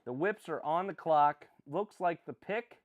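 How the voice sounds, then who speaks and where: Young guy live streaming a draft, rambles and corrects himself a lot, kinda high voice. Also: a little slow, very noisy. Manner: excitable, rambling, self-correcting.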